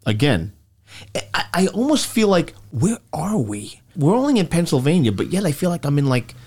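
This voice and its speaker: A man's voice: fairly high pitch, moderate pace, breathy edge. A man with a Brooklyn accent co-hosting a podcast, telling stories and mimicking other people's voices. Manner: animated storyteller who mimics others' voices. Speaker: podcast co-host. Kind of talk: casual chat. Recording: small studio.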